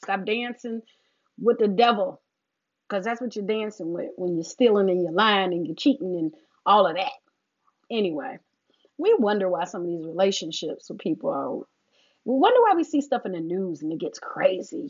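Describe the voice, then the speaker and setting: A middle-aged woman giving a casual faith talk straight to her listeners, preachy and animated, calling them sis. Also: medium pitch, normal speed, husky, dull audio.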